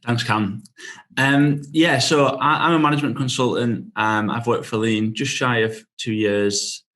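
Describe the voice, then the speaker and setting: A man with a softened northeast English accent, a management consultant talking in a relaxed, easygoing way with hesitant fillers. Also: mid-range voice, unhurried. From northeast England. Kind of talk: casual webinar discussion.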